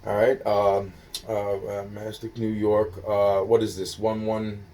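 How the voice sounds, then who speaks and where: Man, foggy caller, lowish voice, halting rambler with many fillers, a bit off-mic on a phone call. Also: monotone, mellow, recorded from a distance. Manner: halting, filler-heavy, scattered; swears, spells things out slowly. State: foggy, hungry.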